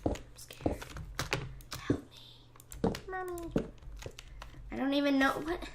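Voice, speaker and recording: A woman's voice: high voice, takes it slowly, noisy background. A young woman hosting a gaming channel, chatting casually over her play in a rambling, self-deprecating way that often sinks into whispered asides. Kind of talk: casual game commentary. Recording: loud background music.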